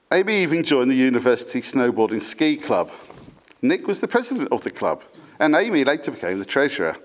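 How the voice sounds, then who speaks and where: A middle-aged man delivers a father-of-the-bride speech at a wedding reception. His mid-pitched voice sounds affectionate and gently humorous as he reads from his notes, with occasional small stumbles.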